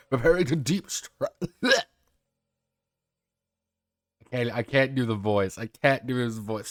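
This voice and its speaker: With a mid-range voice and no echo, this man talks slowly and pauses often. His casual stream reviewing a tabletop game wanders and is full of profanity, fillers, and restarts.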